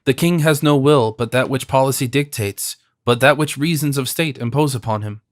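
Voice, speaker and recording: A man's voice: mid-range voice, moderate pace, no room sound, clean studio sound, close to an everyday voice. A man voicing a grieving young noblewoman. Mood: pleading. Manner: pleading, emotional reading. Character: young woman, grieving, passionate lover.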